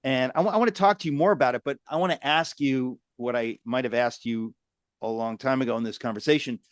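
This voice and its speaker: Male host, mid-pitched voice, exclamatory, talks straight to viewers, dry sound. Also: quick pace, smooth, no room sound. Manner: exclamatory, addresses viewers directly. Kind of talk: conversational interview.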